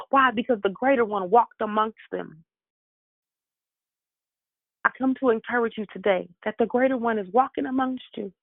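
A woman's voice: fairly high pitch, moderate pace, long pauses, no echo. A woman preacher delivering a devotional sermon with fervent, repetitive exhortation. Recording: tinny dry phone line.

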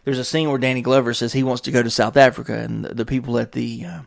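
A man's voice: mid-range voice, fairly even intonation, fast talker, gravelly. A man hosting a podcast in a casual solo monologue, rambling from tangent to tangent with frequent swearing and chuckles. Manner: rambling, tangent-hopping, profane, chuckling often. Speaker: podcast host.

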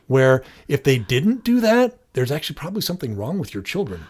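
A man's voice: medium pitch, wildly swooping pitch, slightly rough. A man co-hosting a casual parenting podcast, talking things through with frequent restarts. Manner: thoughtful, halting, many restarts. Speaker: podcast co-host.

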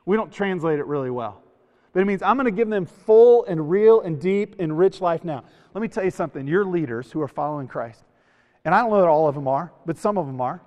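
Fairly high-voiced man preaching in a hall. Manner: animated storytelling, acts out quoted voices. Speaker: youth speaker. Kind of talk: sermon to a youth camp.

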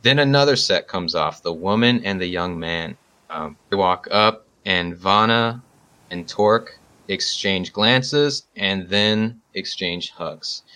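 A man narrating a tabletop role-playing game as game master, talking in a relaxed, halting way with many fillers. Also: low-pitched.

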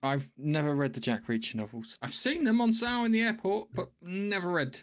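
A man on a podcast with a voice a touch high for a man. He talks casually and drops dry, wry remarks. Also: animated, a little fast. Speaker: podcast co-host. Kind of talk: casual chat.

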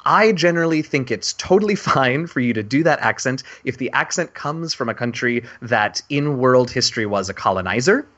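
A man co-hosting a casual podcast about running tabletop games, talking in an earnest, animated way with lots of fillers and restarts. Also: mid-range voice, normal speed, hardly any pauses. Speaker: podcast co-host. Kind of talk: casual discussion about tabletop game mastering.

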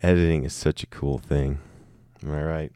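A man's voice: extremely low pitch, steady tone, normal speed, mellow, clear, resonant tone, dry recording, clean studio sound. A man in his thirties from Colorado, hosting a casual solo podcast, rambling and self-mocking and swearing freely. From Colorado, United States. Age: 30s. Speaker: podcast host. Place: room with a camera and light set up.

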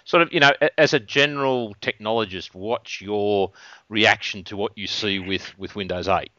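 A man's voice: on the low side, normal speed, sharp tone. A man hosting a casual tech chat, talking hesitantly with frequent ums and restarts. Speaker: podcast host. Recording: dull lo-fi recording.

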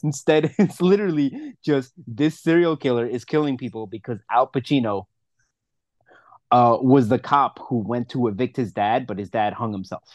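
A man's voice: medium pitch, normal speed, darkish tone, no room sound. A man co-hosting a casual movie review podcast, ranting and swearing in a rambling way. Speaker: podcast co-host.

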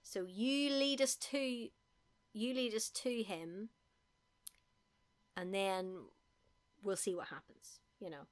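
A woman's voice: mid-range voice, takes it slowly, long pauses, close to an everyday voice. A woman voicing a stern male demon leader, retelling his terms half in jest.

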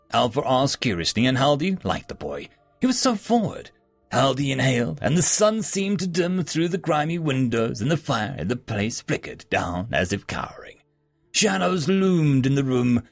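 A male narrator reading a fantasy story aloud. His voice is gravelly and husky and moves a lot in pitch. The sound is dry and close. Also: sing-song, moderate pace, no echo, faint music behind. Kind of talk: audiobook narration.

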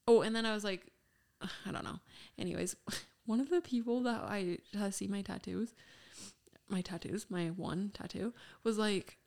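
A woman's voice: mid-range voice, normal speed, creaky, a little mellow. A young woman co-hosting a podcast, telling a personal story in casual chat, full of fillers. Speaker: podcast co-host.

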